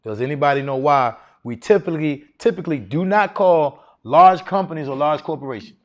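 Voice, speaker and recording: A man with a fairly high voice teaches contracting at a live seminar, speaking fairly quickly to an audience in the room. He comes across casual and confident, often tossing rhetorical questions at the crowd.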